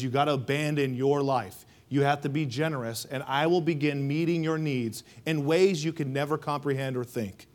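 Swinging from loud to hushed, this pastor's sermon is rhythmic and emphatic, and his voice is on the high side. He keeps prompting the congregation to answer back.

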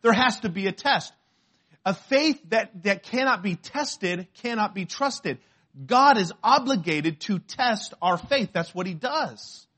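A man, a pastor, preaching a sermon and telling a story from his own life in an animated way. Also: sits high, measured pace, husky. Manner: animated storytelling, shouts when acting out pain.

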